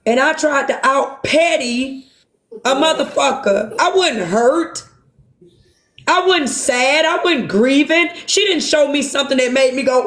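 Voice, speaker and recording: A woman's voice: high voice, measured pace, fairly bright tone, reverberant. A woman hosting a livestream, talking in an impassioned, profane and self-reproaching way to her supporters. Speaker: livestream host. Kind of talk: emotional livestream talk.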